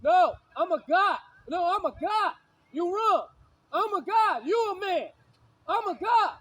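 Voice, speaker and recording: Man, very high pitch, combative preacher who quotes scripture and hammers the same lines. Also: lively intonation, a little slow, rough recording. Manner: repetitive, insulting, shouts lines again and again. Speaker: street preacher. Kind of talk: confrontational preaching with scripture readings.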